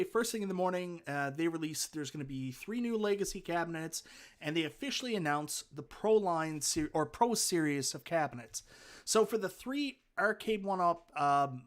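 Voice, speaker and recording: A man with a Newfoundland accent hosts a casual live stream, reading viewer comments aloud and chatting between them. His voice sits a little high for a man, and he talks with rambling enthusiasm. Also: fairly bright tone. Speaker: livestream host.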